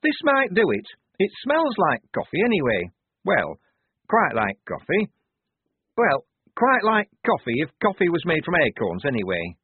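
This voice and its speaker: A man's voice: fairly high pitch, huge pitch swings, measured pace, husky, dry recording, pitched above the performer's own voice, heavily acted. A man voicing a chatty young female soldier who keeps correcting herself. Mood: chirpy. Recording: tinny phone-like sound.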